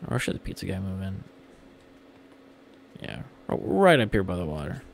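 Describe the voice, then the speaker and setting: A young male streamer chats loosely with his viewers as he plays, rambling and swearing casually. His voice sits on the low side with a gravelly rasp, and there is a faint hiss behind him. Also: big pitch swings, normal speed. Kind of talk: casual gameplay livestream chat.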